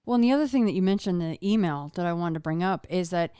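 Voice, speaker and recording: A woman's voice: lowish voice, quick pace, warm tone, smooth, dry recording, clean studio sound. A woman hosting an interview podcast who talks in a folksy, blunt, colloquial way. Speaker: host.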